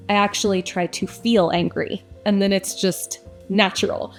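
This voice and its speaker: A woman's voice: mid-range voice, level tone, normal speed, hardly any pauses, faint music behind. A young woman who narrates audiobooks, answering interview questions in a casual, reflective way with frequent fillers.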